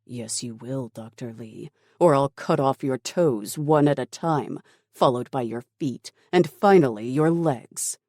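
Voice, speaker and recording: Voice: medium pitch, measured pace, darkish tone, no room sound, studio quality. A cold, menacing commander, as a narrator voices him. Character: ruthless calm male military commander.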